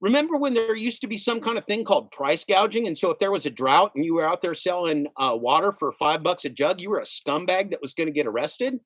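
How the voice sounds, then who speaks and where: A middle-aged man ranting on a livestream, his pitch leaping up and down as he hammers the same points again and again. His voice sits a little high for a man and sounds close and dry, with no room echo. He talks with a sarcastic, emphatic edge. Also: animated, fast, hardly any pauses, a bit bright. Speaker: gig delivery driver streamer. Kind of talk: casual livestream rant.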